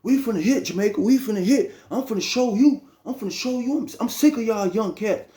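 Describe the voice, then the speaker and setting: Brief: a man doing a brash older male inmate, high lively voice, roomy echo. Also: moderate pace, natural voice. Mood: indignant boasting. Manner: indignant, boastful, repetitive shouting.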